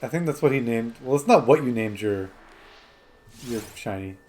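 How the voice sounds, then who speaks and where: A man's voice: mid-range voice, lively intonation, moderate pace, a little mellow, a little hiss or hum. A man hosting a gaming stream, chatting casually and rambling through stories with lots of 'like' fillers. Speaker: streamer host. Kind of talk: casual chat while gaming.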